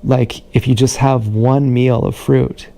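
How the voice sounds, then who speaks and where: A man talking in a casual rambling monologue on a livestream, halting with many restarts and repeated words, recorded on an action camera mic. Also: medium pitch, fairly even intonation, gravelly, mellow.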